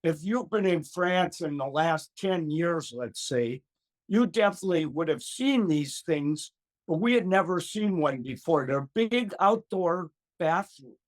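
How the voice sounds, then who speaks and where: A man's voice: a little high, lively intonation, measured pace. An older man, a gardening expert, telling a funny story as an interview guest, acting out the voices and laughing often.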